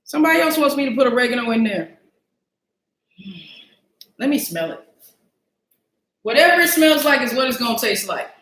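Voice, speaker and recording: A woman's voice: a little high, lively intonation, moderate pace, pauses often, a bit bright, echoey room. A woman hosting a casual live cooking stream, chatty and self-mocking as she talks to her viewers from a home kitchen. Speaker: cooking show host.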